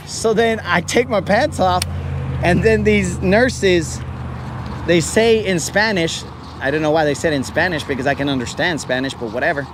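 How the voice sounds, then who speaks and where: A man tells a comic story in a relaxed, teasing way and puts on the voices of the people he describes. His voice sits a little high. Steady outdoor noise and traffic run behind him. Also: normal speed. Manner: joking, self-mocking, acts out quoted voices. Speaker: podcast host. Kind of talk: casual storytelling. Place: outdoors, fishing from a kayak.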